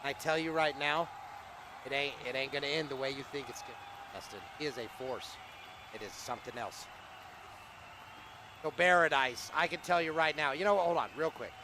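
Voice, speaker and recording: A man hosting a comedic mock press conference who talks in an excitable, rallying announcer style. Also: on the high side, brisk, pauses often, noisy background. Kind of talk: comedic live-stream emcee.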